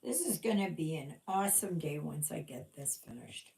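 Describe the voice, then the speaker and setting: A woman with a low, dark voice marked by vocal fry and big pitch swings hosts a livestream at normal speed. She chats casually while stitching, often mumbling half to herself, and her livestream mic picks up an echoey room.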